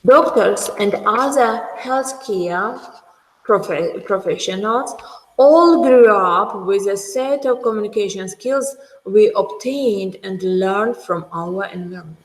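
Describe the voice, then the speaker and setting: Slow-talking woman lecturing in an echoey hall. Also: medium pitch. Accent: Georgian. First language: Georgian. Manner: slow, emphatic, frequent checks with the class. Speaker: medical school lecturer. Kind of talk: university lecture. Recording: echoey hall, roomy reverb.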